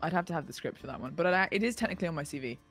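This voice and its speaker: A woman's voice: on the low side, lively intonation, fairly bright tone, faint music behind. A woman, chatting over a game and guiding her friends through the steps. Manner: quick, instructive, guiding the others. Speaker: gaming guest. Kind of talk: casual gaming chat.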